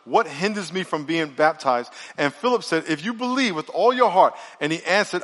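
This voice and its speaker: Brief: middle-aged male pastor with a high voice, upbeat and jokey sermon delivery, call-and-response with the room. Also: normal speed, few pauses. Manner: energetic, joking, leads call-and-response. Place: large church auditorium. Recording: long reverb of a large church hall.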